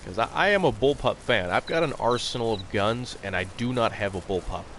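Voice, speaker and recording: A young man rambles bluntly through a live stream of a hunting game, swearing freely as he chats with viewers. His voice sits on the low side, and a faint noise runs under the recording. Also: expressive, brisk, fairly bright tone. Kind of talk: casual live-stream chat.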